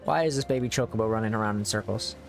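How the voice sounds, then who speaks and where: A man's voice: lowish voice, racing, vocal fry. Male streamer, casual and jokey, faint game music underneath. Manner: jokey, chats with game characters. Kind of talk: casual gameplay commentary.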